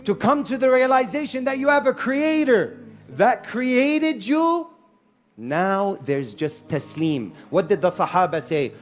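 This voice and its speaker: A man preaching a lively sermon to a live audience in a hall, mixing Arabic phrases into his English. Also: sits high, measured pace, faint music behind. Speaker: Islamic preacher. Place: hall with a sound system and echo.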